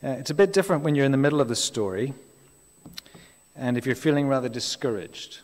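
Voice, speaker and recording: Give me a man preaching in a relaxed, conversational way, with a long hall echo behind him. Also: medium pitch, fast talker. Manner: chatty, asides and questions to the congregation. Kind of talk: sermon. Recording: reverberant hall.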